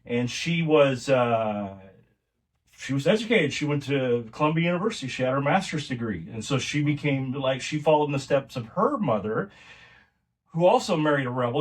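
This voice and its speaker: A man's voice: medium pitch, distant mic. A middle-aged man, a podcast guest, telling family stories in a casual, rambling way with many restarts. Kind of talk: casual conversational storytelling.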